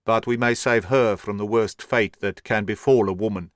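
Male reader playing a hot-tempered, desperate man shouting threats, dry and close. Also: on the low side, steady tone, moderate pace, no room sound, natural voice. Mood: frantic. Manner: shouting, frantic.

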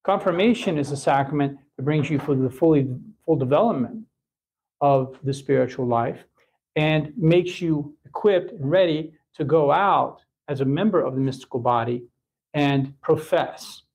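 A man giving a catechism lesson, talking in a halting way with many restarts and fillers. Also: on the high side, a little mellow, breathy edge, poor audio. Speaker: catechism teacher.

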